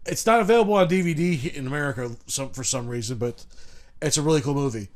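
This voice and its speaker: Rambling, profane man from Chicago, fairly high. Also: quick pace. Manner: rambling, profane, full of restarts and asides. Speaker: podcast co-host. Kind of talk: casual chat. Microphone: remote call.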